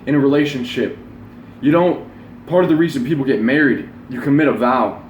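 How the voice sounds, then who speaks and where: A man's voice: mid-range voice, brisk, highs cut off, slight background noise. A man in his twenties giving a blunt, rambling motivational talk and swearing freely. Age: 20s. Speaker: self-help vlogger. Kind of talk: casual motivational monologue. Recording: roomy echo, voice from the mic.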